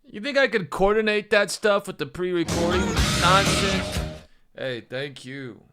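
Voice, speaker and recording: A man's voice: sits high, measured pace, over loud music. Stammering, cursing male streamer. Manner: stammering, swears a lot, frustrated. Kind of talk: live stream chat.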